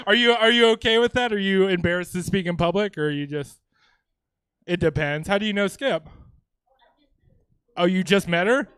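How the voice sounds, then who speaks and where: A man's voice: high-pitched, moderate pace, long pauses, fairly bright tone, clean tone, no room sound. A man from Louisiana doing a stand-up comedy set on a comedy theater stage, talking casually with swearing and chuckling asides.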